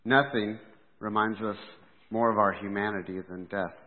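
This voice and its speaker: Lower-voiced man giving a measured sermon. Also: steady tone. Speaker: preacher. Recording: tinny phone-like sound with long hall reverb.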